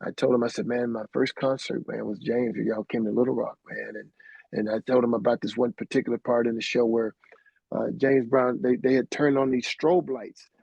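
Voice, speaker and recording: A man's voice: mid-range voice, level tone, moderate pace, creaky, a little mellow, husky, no echo. A middle-aged man from Arkansas, an interview guest, telling rambling anecdotes peppered with "man". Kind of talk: casual storytelling interview. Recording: dry, dull lo-fi sound.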